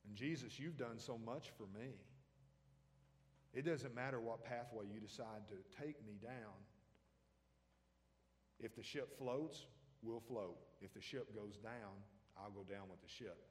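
A man's voice: medium pitch, measured pace, pauses often, long reverb tail. A man preaching a sermon as pastor, talking conversationally and throwing questions out to the congregation.

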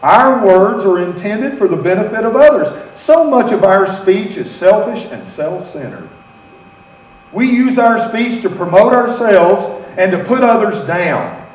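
An American pastor from the United States preaches a sermon, having his congregation repeat phrases back to him. His voice sits high with big swings in pitch, and he talks at a moderate pace. The room is echoey and the mic is far away.

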